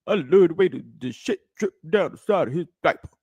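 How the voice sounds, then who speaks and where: A woman voicing a crude, defiant male voter in a mocking parody, with a husky, dry sound. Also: lowish voice, expressive, fairly quick, darkish tone, no room sound, pitched below the performer's own voice. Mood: mocking defiance.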